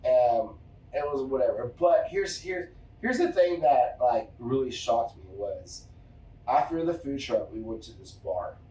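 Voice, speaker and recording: A man's voice: mid-range voice, unhurried. A man hosting a podcast, telling a casual story with lots of swearing and acting out the people in it. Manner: animated, profane, acts out other people in anecdotes. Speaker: podcast host. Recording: roomy room, distant mic.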